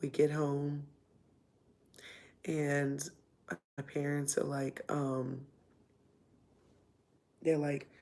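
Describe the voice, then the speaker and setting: A woman's voice: low-pitched, little pitch movement, drawn-out words, pauses often, dark tone. A woman casually telling a personal story, rambling with lots of fillers and acting out what people said. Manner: rambling, with frequent fillers and re-enacted dialogue. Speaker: vlogger telling her life story.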